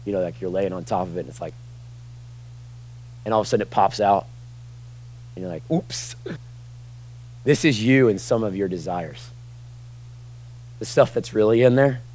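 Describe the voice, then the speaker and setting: A young man preaching a sermon in a loose, talky way. He drops low and quiet for asides, then jumps high and loud when he drives a point home. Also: lively intonation, normal speed, pauses often, low-quality recording. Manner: conversational, swings from quiet asides to loud emphatic bursts. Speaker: pastor.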